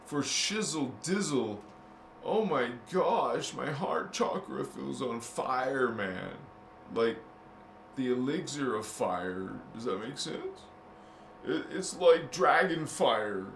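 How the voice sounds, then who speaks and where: This spiritual video channel host has a gravelly, slightly bright voice of medium pitch, lively in intonation but slow in pace. He jokes casually with crude slang and laughs at his own lines, and the audio carries a roomy echo and faint noise.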